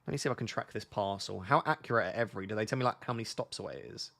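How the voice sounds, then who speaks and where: A young British man runs a casual live stream, chatting and reading viewer questions out loud. His fairly low voice races along, creaky yet bright, with a forceful edge.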